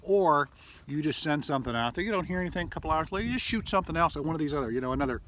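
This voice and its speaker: Speaking rapid-fire in a fairly bright, animated voice on the high side, this man coaches viewers on relationships in a casual video to camera. His delivery is loose and conversational, peppered with fillers and acted-out text examples, with slight background noise.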